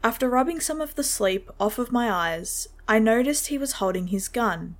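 A woman narrating a first-person horror story in a steady, measured storytelling way. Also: a little high.

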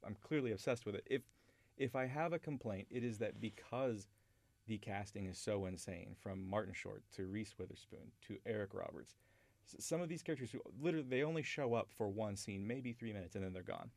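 A man with a lowish voice hosts a casual film chat, rambling and enthusiastic and often restarting his sentences. The sound is dry and close, with no room around it. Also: a little fast, vocal fry, a little mellow, no echo. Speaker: podcast host.

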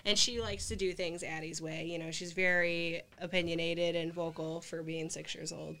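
A woman's voice: on the low side, level tone, normal speed, bright, forceful tone. A young woman who runs a princess party business, chatting casually, bubbly and laughing often as she acts out her own reactions. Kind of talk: casual chat.

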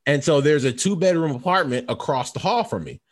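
A man co-hosting a podcast, telling stories in casual banter and often breaking into high squeals and laughs. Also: a little fast. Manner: animated storyteller, jumps into high squeals and laughs. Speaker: podcast co-host.

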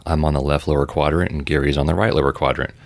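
A man with an extremely deep voice and a gravelly edge talks in a relaxed podcast chat. He rambles through his story with plenty of fillers and restarts. The sound is dry and close, with no room around it. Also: quick pace, dry recording. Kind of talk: casual podcast conversation.

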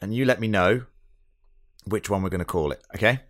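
A man co-hosting a podcast, agreeable and relaxed, reading listener messages out. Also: lowish voice, brisk. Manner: easygoing, agreeable, reads listener messages aloud. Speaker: podcast co-host. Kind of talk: casual chat.

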